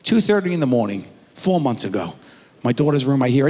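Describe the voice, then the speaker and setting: In a theater recording soaked in long hall reverb, a middle-aged man does stand-up, speaking fast at a medium pitch. His storytelling is animated, and he slips into impressions of his kids.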